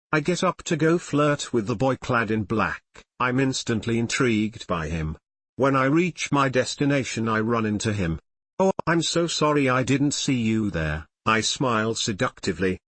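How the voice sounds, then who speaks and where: A man reads a fan fiction story aloud at an ordinary middle pitch. He keeps every character's lines in much the same voice as the narration. The recording is close and dry, with no room sound. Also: fairly bright tone, no echo. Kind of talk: audiobook-style story reading.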